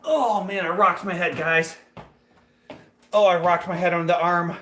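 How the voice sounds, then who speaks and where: A man's voice: high-pitched, steady tone, measured pace, a bit bright, slight background noise. A man running a fitness vlog, chatting casually and directly to his viewers while he works out. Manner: chatty, talks straight to viewers. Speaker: fitness vlogger. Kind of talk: casual live chat to viewers.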